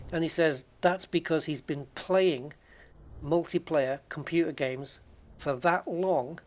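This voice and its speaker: A man with a fairly high-pitched voice talks casually while he plays a game. He rambles from one thought to the next and often starts his sentences over. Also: slow. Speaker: game streamer. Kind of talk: casual chat while gaming.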